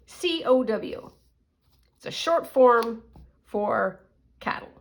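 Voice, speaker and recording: A woman's voice: on the high side, lively intonation, slow, gravelly. A middle-aged woman from Canada, chatting casually in a rambling way full of asides while she works on a craft journal. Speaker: crafting vlogger.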